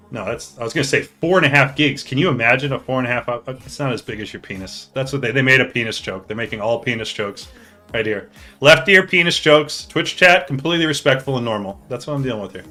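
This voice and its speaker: A man hosting a live stream, chatting casually and excitably with his viewers, joking and swearing as he goes. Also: mid-range voice, fast talker, faint music behind. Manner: excitable, jokey, talks to chat, swears. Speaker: streamer hosting a hockey league draft.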